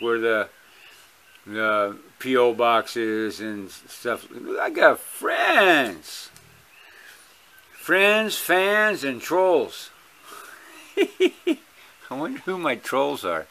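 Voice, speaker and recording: A man's voice: medium pitch, pushed and bright. A man with a Hawaiian accent talking casually to his viewers at home, rambling, blunt and profane. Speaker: vlogger.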